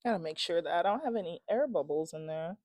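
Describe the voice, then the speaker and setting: A woman's voice: fairly low pitch, lively intonation, fast, darkish tone, no room sound, studio quality. A young woman chatting casually in a home vlog, rambling, restarting her sentences and giggling often. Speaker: vlogger. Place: home, indoors.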